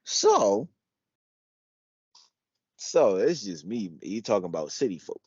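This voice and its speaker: A man's voice: on the low side, slow, husky, no room sound, dull audio. A man co-hosting a casual podcast, arguing his point with energy and sometimes reading lines aloud. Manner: animated, argumentative, reads lyrics aloud. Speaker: podcast co-host.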